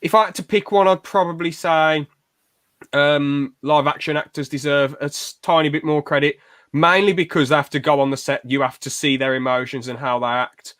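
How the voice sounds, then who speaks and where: A man's voice: fairly high pitch, steady tone, a bit bright, no room sound, studio quality. A man co-hosting a podcast, chatting casually and enthusiastically. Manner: chatty, enthusiastic, quick asides with brief put-on quotes. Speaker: podcast co-host. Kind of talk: casual chat.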